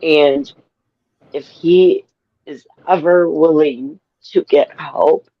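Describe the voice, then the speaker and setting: A man talking about his brother on a live stream, halting and crying. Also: on the high side, fairly even intonation, dry recording. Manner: halting, tearful, very slow. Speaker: guest. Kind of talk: emotional live stream chat. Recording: dull lo-fi audio.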